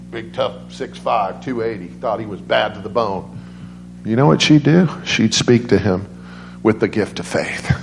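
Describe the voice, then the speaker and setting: A man preaching a sermon as a guest speaker, telling stories in an animated way and leaping into high voices for quoted people. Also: moderate pace, slight background noise. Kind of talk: storytelling sermon. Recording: roomy church echo.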